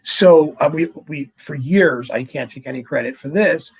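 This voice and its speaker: A man who is a priest, talking in a casual interview and telling stories in a chatty, animated way. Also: a little high, moderate pace, gravelly, husky, rough recording. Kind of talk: conversational interview.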